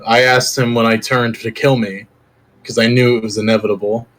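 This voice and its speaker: A man's voice: mid-range voice, fairly quick, close to an everyday voice, poor audio. A man voicing a blunt, swearing mercenary raised from the dead, speaking in character during a tabletop game. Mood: earnest. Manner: blunt, cursing, deadpan. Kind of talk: tabletop role-play in character.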